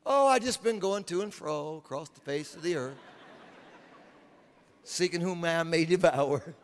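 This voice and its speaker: A preacher putting on a sly taunting devil. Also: male voice, a little high, a little slow, in a large hall, a little hiss or hum, close to an everyday voice. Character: sly male devil, smug tempter.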